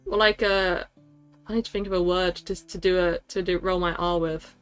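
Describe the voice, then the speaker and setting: A woman's voice: fairly low pitch, fairly even intonation, normal speed, clean tone, soft background music. A woman streaming live, chatting casually with a scattered, self-interrupting manner and frequent laughter. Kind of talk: casual livestream chat.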